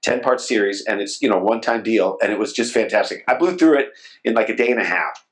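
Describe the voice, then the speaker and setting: A man's voice: lowish voice, fast, low-quality recording. A man hosting a sports podcast, chatty and jokey, rambling through stories in casual conversation. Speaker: podcast host.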